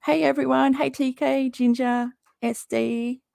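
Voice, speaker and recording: A woman's voice: high voice, steady tone, measured pace, vocal fry, mellow, dry recording, studio quality. A woman who is losing her voice hosts a casual livestream from home, chatting, greeting viewers and laughing often. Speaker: livestream host. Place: home under a tin roof in rain.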